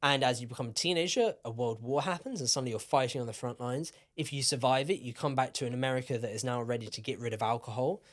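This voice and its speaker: A man co-hosting a podcast, tipsy and telling a story in a lively, rambling way with plenty of swearing. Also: medium pitch, fast, hardly any pauses. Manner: animated, swearing, repeats himself. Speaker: podcast co-host. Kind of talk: casual storytelling chat.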